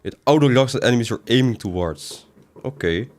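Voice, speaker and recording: A man's voice: mid-range voice, lively intonation, fairly quick, a little mellow. A man doing casual livestream commentary as a game streamer, reading chat aloud and answering it in a rambling way with sudden exasperated outbursts.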